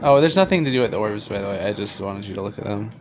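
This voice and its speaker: A man's voice: lowish voice, expressive, very fast, a little hiss or hum. A man chatting playfully and teasing his co-streamer during a live game. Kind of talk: casual chat on a game stream.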